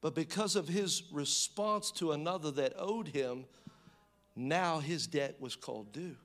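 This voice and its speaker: Emphatic preacher, hushed then booming. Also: male voice, measured pace. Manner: swings between loud emphatic bursts and hushed low reading; conversational asides and restarts. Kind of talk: sermon.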